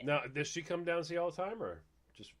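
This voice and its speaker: A man's voice: a little high, very animated, fast, fairly bright tone. A man co-hosting a casual chat, teasing his co-host and joking around.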